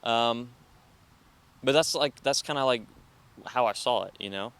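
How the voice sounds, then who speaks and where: Young man, bright tone, crisp voice, casual chat, acts out movie lines. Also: medium pitch, a little slow. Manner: animated storyteller, quotes movie lines. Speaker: podcast co-host.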